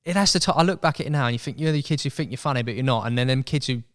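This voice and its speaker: A young man telling a story as a podcast guest in casual chat, animated and acting out voices. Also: mid-range voice, very fast. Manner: chatty, animated, acts out quoted voices.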